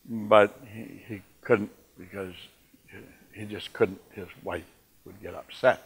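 A man giving a motivational talk, telling personal stories and moving from quiet moments to emphatic ones. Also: on the low side, slow, gravelly, slightly rough. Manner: animated, swings from quiet to emphatic. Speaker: motivational speaker. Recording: long reverb in a large hall.

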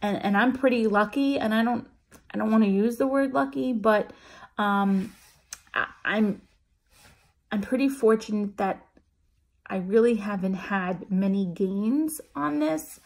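A woman vlogger recounts her week to the camera in a casual, chatty way. She talks with plenty of ums and restarts, and her telling is openly emotional. Her voice sits at an ordinary middle pitch. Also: a little slow, gravelly. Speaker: vlogger sharing a weight-loss weigh-in.

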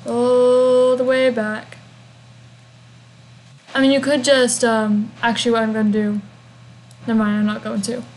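A woman's voice: fairly high pitch, fairly even intonation, fairly quick, rough recording. Chatty young woman narrating a game walkthrough. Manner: chatty and rambling, with humming fillers.

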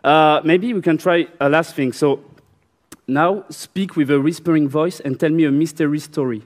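A man with a slightly raised pitch chats hesitantly with an AI, full of fillers. His voice rings in a reverberant hall. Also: normal speed. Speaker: demo presenter. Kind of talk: casual chat with an AI.

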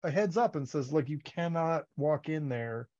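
A man co-hosting a casual fan podcast, animated and laughing, acting out characters' lines as he retells scenes. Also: fairly high pitch, normal speed. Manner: animated, acts out quotes, laughs often. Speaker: podcast co-host. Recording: dull lo-fi audio.

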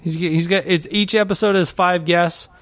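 A laid-back male podcast co-host chatting casually, with a fairly high voice. The recording is dry and close, with no room sound. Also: steady tone, moderate pace, fairly bright tone, no room sound. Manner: laid-back, says man a lot. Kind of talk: casual chat.

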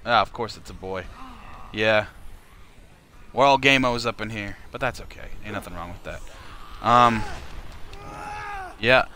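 A man's voice: lowish voice, unhurried, pauses often, bright, forceful tone, slight background noise. A young man livestreaming a charity fundraiser, joking, profane and self-mocking in casual chat.

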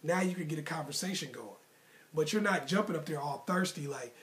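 Slightly high-voiced man giving dating advice. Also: fairly quick, fairly bright tone. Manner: emphatic, repetitive, motivational; casual slangy phrasing. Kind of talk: direct-to-camera advice monologue.

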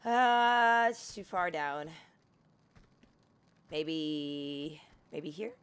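A woman's voice: deep voice, animated, drawn-out words, clear, resonant tone. A woman giving casual, chatty gameplay commentary, talking to the on-screen character and swearing freely. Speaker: gaming streamer.

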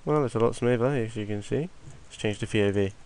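This young tutorial maker, who has a cold, speaks quickly in a fairly low, slightly mellow voice while casually rambling through a screen-recorded game tutorial and muttering to himself. A faint hiss or hum is present.

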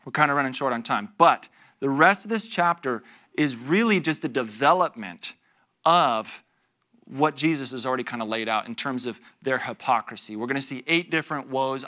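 A man preaching a conversational sermon, telling stories about himself with laughter and quick asides to the congregation. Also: mid-range voice. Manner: animated, self-deprecating storytelling with laughs and asides to the congregation. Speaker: pastor teaching a Bible study. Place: church.

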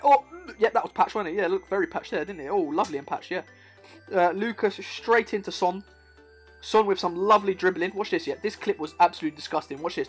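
A man's voice: high voice, breathy edge. A young man giving hyped, playful commentary over football game clips, talking straight to the viewer. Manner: excitable, playful, talks to the viewer. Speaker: gaming YouTuber.

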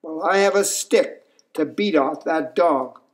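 A man's voice: on the high side, unhurried, lightly acted. A man voicing a cautious, worried male frog who argues insistently.

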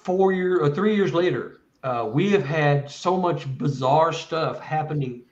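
A man's voice: a little high, measured pace, a little mellow. Man, guest speaker, earnest rambling storyteller, roomy echo, dull muffled sound. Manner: earnest, rambling, many restarts. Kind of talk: casual first-person storytelling.

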